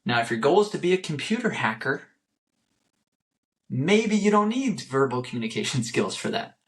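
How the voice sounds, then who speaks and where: A man's voice: fairly high pitch, sing-song, moderate pace. A young man hosting a solo motivational podcast. He talks earnestly and repeats phrases for emphasis. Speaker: podcast host.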